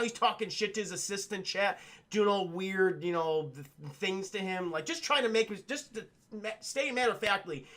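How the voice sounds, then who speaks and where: A man with a high, bright voice talks through a film recap in a loose, rambling way. He swears offhandedly and keeps turning to address his chat, full of fillers and restarts. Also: a little fast. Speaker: film reviewer streaming to chat. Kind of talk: casual livestream commentary.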